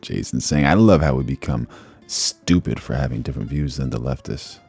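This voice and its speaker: A very low, gravelly male voice drifts through casual live-stream commentary. He rambles in a relaxed, slangy way, and faint music sits underneath. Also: normal speed. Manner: laid-back, rambling, slangy.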